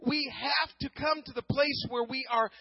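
A man preaching a sermon, telling a personal story earnestly, often repeating words and swinging from hushed to loud. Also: very high voice, fairly even intonation, moderate pace, breathy edge, no room sound, muffled recording. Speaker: pastor.

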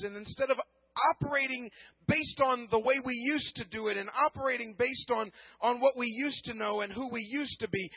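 A man preaching a sermon, telling a personal story earnestly, often repeating words and swinging from hushed to loud. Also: very high voice, slightly rough, no room sound, lo-fi sound. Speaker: pastor.

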